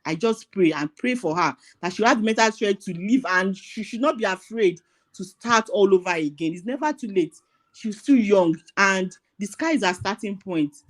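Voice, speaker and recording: Woman caller, mid pitch, lively intonation, warm and respectful. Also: moderate pace. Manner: warm and respectful, calls the host ma. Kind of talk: casual call-in chat.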